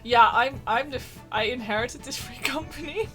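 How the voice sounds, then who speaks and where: A woman's voice: high-pitched, normal speed, a bit bright, soft background music. A woman co-hosting a gaming stream, chatting casually with frequent giggles. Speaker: streamer co-host.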